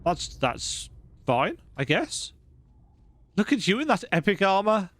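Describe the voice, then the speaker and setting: A man's voice: sits high, very animated, a little slow, fairly bright tone. Wry man commenting on a game. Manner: wry, joking asides. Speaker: let's play host. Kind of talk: casual gameplay commentary.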